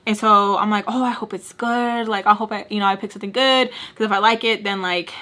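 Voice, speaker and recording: Chatty woman ranting in a bright voice. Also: mid-range voice, a little fast. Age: adult with a son and husband. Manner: chatty and animated, heavy use of "like", mimics people in quotes. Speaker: beauty vlogger. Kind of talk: casual storytime rant.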